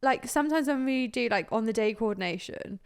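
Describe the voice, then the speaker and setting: A woman with a high voice, chatting as a podcast co-host. She talks expressively, with quick and emotional reactions. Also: expressive, vocal fry, smooth. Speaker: podcast co-host, wedding planner. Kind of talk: casual chat.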